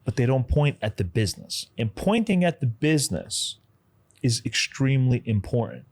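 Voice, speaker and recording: Male lawyer, mid-pitched, questioning, pushes the panel to rethink a point. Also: very animated, moderate pace, darkish tone. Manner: poses questions and reframes the issue. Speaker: business lawyer. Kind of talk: panel discussion.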